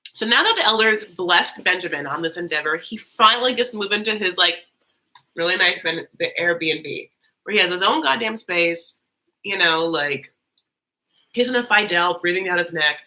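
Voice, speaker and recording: A woman's voice: on the low side, expressive, moderate pace, pushed and bright, low-quality recording. A woman hosting a live reality-TV reaction, chatty and sarcastic with lots of rambling asides. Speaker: YouTube host.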